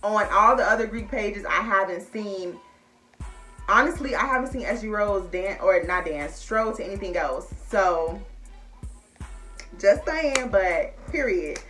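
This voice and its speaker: A woman's voice: medium pitch, lively intonation, unhurried, fairly bright tone, soft background music. A young woman, chatting casually and emotionally to her viewers as y'all. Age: young adult. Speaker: vlogger. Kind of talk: casual chat to camera.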